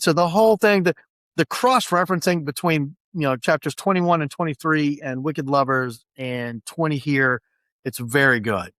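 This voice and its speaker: A man's voice: a little high, moderate pace, fairly bright tone, no room sound. A man hosting a book-club podcast, recapping chapters in a chatty, rambling way and acting out quotes. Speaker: podcast host.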